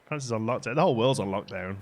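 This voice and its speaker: A man's voice: fairly low pitch, very fast, soft background music. A man chatting casually while streaming a game live, rambling and laughing often.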